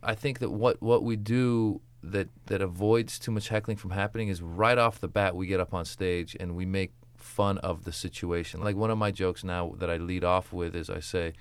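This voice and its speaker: A young man with a low, smooth voice talks casually about his comedy act as an interview guest. He is lively and jokey, slipping into quick voices for his punchlines. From United States. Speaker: stand-up comic guest.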